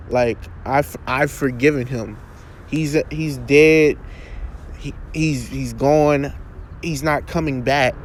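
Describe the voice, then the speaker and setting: A man giving an earnest, preacherly spoken reflection outdoors, halting and restarting as he talks. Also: on the high side, a little hiss or hum. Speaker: vlogger.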